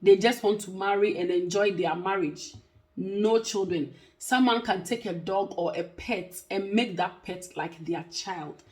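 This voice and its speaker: Woman, 30s, casual to-camera vlogger, mid pitch, emphatic and repetitive delivery. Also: measured pace, a little mellow. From Africa. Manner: emphatic, repeats points for stress. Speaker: vlogger and care worker.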